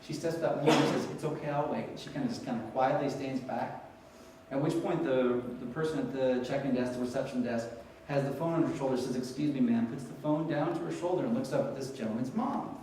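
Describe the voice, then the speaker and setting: Animated male keynote speaker in an echoey hall. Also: mid-range voice, brisk, a little hiss or hum. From New York. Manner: animated storyteller, asks the audience questions. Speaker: conference speaker. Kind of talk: storytelling keynote talk. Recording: echoey hall, mic heard from a distance.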